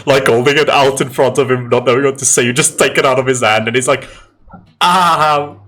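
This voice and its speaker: A man narrating as game master, lively and quick to laugh. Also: mid-range voice, a little hiss or hum.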